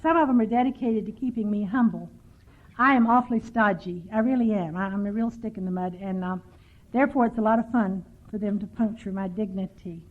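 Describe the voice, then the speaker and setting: A woman's voice: medium pitch, fairly quick. An older woman from Texas speaking at a recovery workshop, telling stories with dry, self-mocking humor. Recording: tinny lo-fi 1990s tape.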